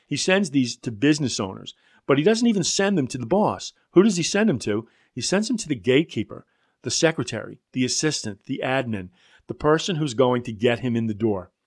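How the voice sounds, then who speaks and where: A man teaching a prospecting course, talking conversationally with blunt asides and stories. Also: mid-range voice. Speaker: sales trainer. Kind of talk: instructional talk to an audience.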